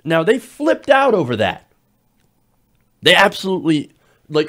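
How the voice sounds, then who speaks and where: A man's voice: high-pitched, very animated, a little slow, pauses often, a bit bright. Emphatic man giving political commentary. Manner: emphatic, repeats key words, some restarts.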